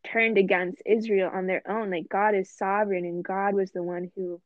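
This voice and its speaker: A woman's voice: mid-range voice, little pitch movement, moderate pace, no echo. A woman co-hosting a casual faith discussion, talking earnestly and reflectively and often quoting scripture. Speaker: podcast co-host. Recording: dry, tinny phone-like line.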